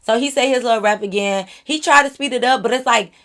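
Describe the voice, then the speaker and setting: A woman vlogger telling a casual storytime, animated and chatty, talking straight to her viewers. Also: on the high side, fast talker.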